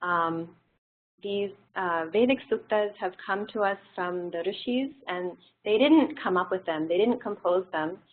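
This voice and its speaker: A woman teaching a classroom lesson in a relaxed, explanatory way, pausing on frequent fillers. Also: mid-range voice. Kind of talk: classroom lecture. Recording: tinny phone-like audio.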